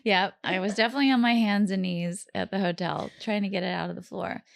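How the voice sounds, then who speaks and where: A woman's voice: mid-range voice, steady tone, fast, creaky. A woman chatting casually as a podcast guest, laughing often and full of fillers. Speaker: guest musician. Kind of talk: casual chat. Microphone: studio mic.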